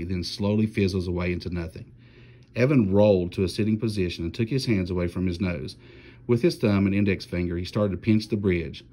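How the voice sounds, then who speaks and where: Male teacher, storybook read-aloud, low-set voice, steady narration.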